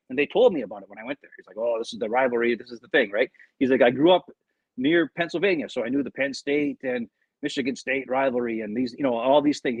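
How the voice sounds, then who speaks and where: A man's voice: a little high, husky, dry recording, highs cut off. A man co-hosting a casual sports podcast, telling a story with lots of retold quotes, rambling restarts and swearing. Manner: animated storytelling, retelling quotes. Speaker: podcast co-host.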